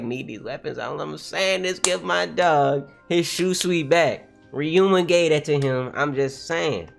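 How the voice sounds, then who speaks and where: A man doing a casual read-along reaction to a comic, talking in slang, getting excited and laughing often. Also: fairly high pitch, a little slow, vocal fry, hardly any pauses, soft background music. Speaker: manga reaction streamer.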